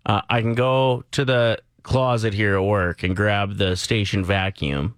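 A man's voice: lowish voice, fairly even intonation, measured pace, clear, resonant tone, no echo. Joking male radio co-host, dry mic. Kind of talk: casual radio chat.

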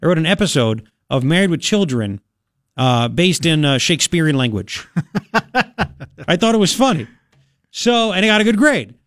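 Animated, high-voiced male radio host. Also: moderate pace, long pauses, dry recording, clean studio sound. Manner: blunt, exasperated, ranting. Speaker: radio talk show host. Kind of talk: talk radio commentary. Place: radio studio.

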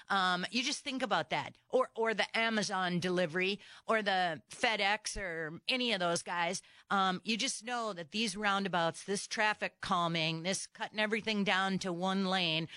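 A woman hosting a talk radio show, ranting in an animated, exasperated and sarcastic way. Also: medium pitch, no echo. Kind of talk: opinionated talk radio chat. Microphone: studio microphone.

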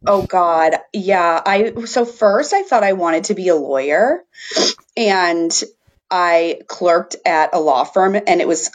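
A woman from northwest Indiana with a Chicago accent, a relaxed guest who says "like" a lot and laughs mid-sentence. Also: on the low side, takes it slowly. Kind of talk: casual conversational interview.

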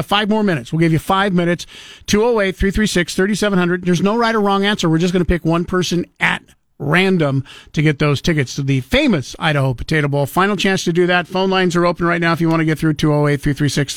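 A male talk radio host with a fairly high voice, speaking into a close studio microphone with a dry sound. He runs the show briskly and pushes back on callers. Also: dry recording. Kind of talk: talk radio, taking calls.

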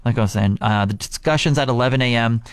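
A man's voice: mid-range voice, quick pace, clean tone, no room sound, clean studio sound. A man co-hosting a morning radio show, chatting in an earnest, upbeat way. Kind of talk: casual morning radio chat.

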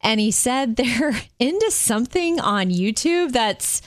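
A woman hosting a casual radio chat show, chatty and quick to laugh. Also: a little high, dry recording. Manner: laughs often, lively and chatty.

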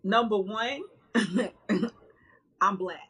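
Husky, outspoken woman guest. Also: medium pitch, extremely slow, fairly bright tone, poor audio. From northern United States. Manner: emphatic, outspoken, laughs often. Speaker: podcast guest, life coach. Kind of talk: candid conversational interview.

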